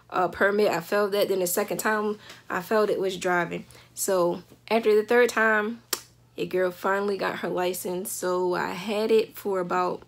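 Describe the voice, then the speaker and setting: A young woman tells a story straight to her viewers in a relaxed, chatty way. She laughs often and acts out what people said. Her pitch sits at a middle level for a woman. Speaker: vlogger telling a story. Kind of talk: casual storytelling.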